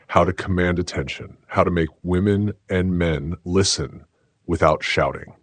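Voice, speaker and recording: A man giving scripted self-help narration in a slow, measured, declarative way. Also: low voice, slightly rough, no echo.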